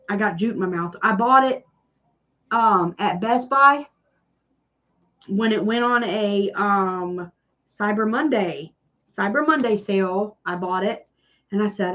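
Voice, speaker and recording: A woman's voice: medium pitch, lively intonation, takes it slowly, pauses often, fairly bright tone, highs cut off. Chatty Southern country woman live-streaming. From Tennessee. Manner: chatty, self-deprecating, sarcastic. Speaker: DIY channel host doing a live stream. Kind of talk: casual chat with viewers.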